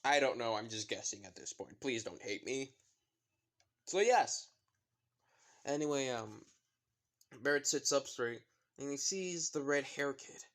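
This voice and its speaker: A man's voice: medium pitch, expressive, measured pace, long pauses, fairly bright tone. Casting: man narrating casually, rambling and apologetic, mid-range voice. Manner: rambling, many fillers, apologetic asides. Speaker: fan story narrator.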